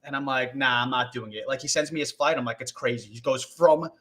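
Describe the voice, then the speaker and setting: A young man telling a rambling story as a guest on a live video call, animated and full of swearing and acted-out quotes. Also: medium pitch, brisk. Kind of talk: casual storytelling on a live stream.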